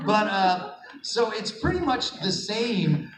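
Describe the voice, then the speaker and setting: A middle-aged man at a convention panel is telling stories to fans with lots of energy, laughing and playing out the quotes. His voice sits a little high. He was recorded on a phone from far away in a big echoey hall with steady noise around him. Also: slow pace. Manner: animated, laughing, acts out quotes. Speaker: panel guest voice actor. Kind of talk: convention Q&A storytelling.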